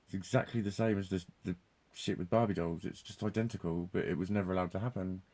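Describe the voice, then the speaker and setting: Male vlogger with a deep, warm voice, loose and profane, breaks into laughs. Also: steady tone, quick pace. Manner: swears constantly, laughs often, restarts sentences. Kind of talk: rambling live monologue.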